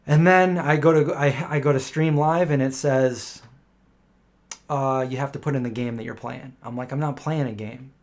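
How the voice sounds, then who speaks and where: A middle-aged man chats through a live viewer Q&A. His voice sits at an ordinary, mid-range pitch, and he wanders from story to story, slipping into the voices of the people he describes. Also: steady tone, moderate pace. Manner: rambling anecdotal storytelling, acting out quoted voices. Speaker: live stream host answering viewer questions. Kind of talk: casual live Q&A chat.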